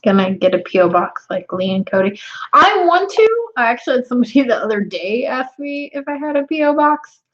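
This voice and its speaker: A woman's voice: high-pitched, sing-song, a little fast. A young woman chatting casually with her viewers on a live stream, laughing often. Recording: dull lo-fi stream audio.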